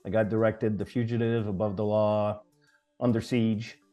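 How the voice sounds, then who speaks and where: A man's voice: on the low side, little pitch movement, normal speed, warm tone, faint music behind. A man co-hosting a casual movie talk show, chatting and laughing as he recalls favorite scenes. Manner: laughing, quotes movie lines in raised voices. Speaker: co-host. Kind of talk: casual chat.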